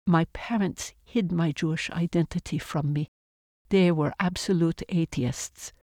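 A woman's voice: fairly low pitch, a little slow, a little mellow, no room sound, clean studio sound. A reader voicing a poised refugee woman from Germany who gives formal, composed answers to officials.

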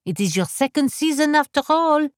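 A woman's voice: high-pitched, animated, moderate pace, no room sound, clean studio sound, voice pushed up. Woman putting on a snappish French dressmaker. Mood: scolding. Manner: snappish, scolding. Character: stern older female French dressmaker.

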